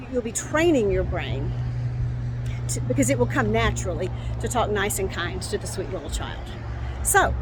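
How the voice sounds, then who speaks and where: A woman in her sixties giving gentle, encouraging self-help advice outdoors on a bright day, often repeating herself and restarting phrases. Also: a little high, noisy background. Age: 60s. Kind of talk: casual instructional talk to camera.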